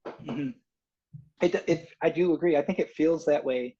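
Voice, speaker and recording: A man, a singer-songwriter guest, telling a long story in a casual interview, rambling and animated with many restarts. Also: a little high, normal speed, husky, highs cut off.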